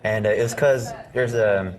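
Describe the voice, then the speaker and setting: A man taking part in a seminar on stage, talking in a hesitant, halting way with fillers. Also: lowish voice, music in the background. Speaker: seminar participant. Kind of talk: hesitant on-stage role-play. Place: stage before an audience.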